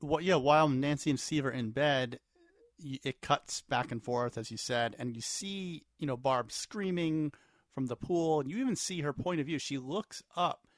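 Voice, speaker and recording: A man's voice: medium pitch, normal speed, no room sound, studio quality. A man co-hosting a podcast, chatting casually about a TV episode in an easygoing, agreeable way and building on his partner's points. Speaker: podcast co-host. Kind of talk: casual TV recap chat.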